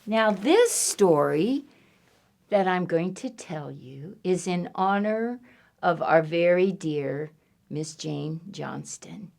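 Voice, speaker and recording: A woman's voice: lowish voice, animated, takes it slowly, gravelly, darkish tone. A woman librarian leading a children's storytime, reading in a sing-song way and making animal sounds.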